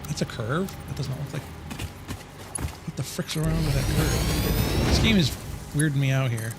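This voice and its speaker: A man's voice: mid-range voice, unhurried, over loud music. A man streaming a building game live, chatting casually, easily confused and answering his chat as he plays. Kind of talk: casual live gameplay commentary.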